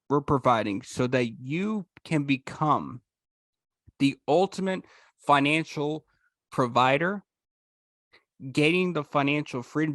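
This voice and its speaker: A man hosting a live video call, giving an energetic, emphatic sales pitch for a trading course. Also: no echo, clean studio sound. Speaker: host presenting a trading course.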